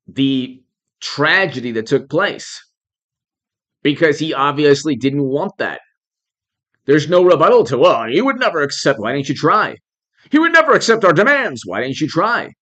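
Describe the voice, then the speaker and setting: A man's voice: a little high, animated, a little slow, a bit bright. A man hosting a live political commentary stream. He talks in an indignant, repetitive way, piling up rhetorical questions and stopping to thank viewers by name.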